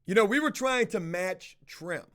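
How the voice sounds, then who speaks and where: Profane rambling man, high voice. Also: lively intonation, unhurried, a bit bright, smooth. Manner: rambling, profane storytelling to viewers. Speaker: house-flipping livestreamer. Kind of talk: casual livestream chat.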